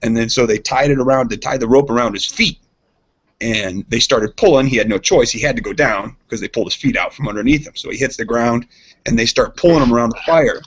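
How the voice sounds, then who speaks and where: A husky-voiced man on a casual podcast, rambling through an anecdote with plenty of energy and laughter. The audio is dull and lo-fi. His pitch sits right in the middle for a man. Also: quick pace. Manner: rambling, animated, laughing while telling a story. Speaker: podcast co-host. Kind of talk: casual chat, storytelling.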